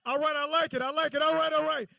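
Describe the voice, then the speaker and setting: A man's voice: very high voice, flat delivery, fast talker, creaky, sharp tone, no room sound. A man doing a stand-up set on a comedy club stage, telling stories loosely with stammering restarts.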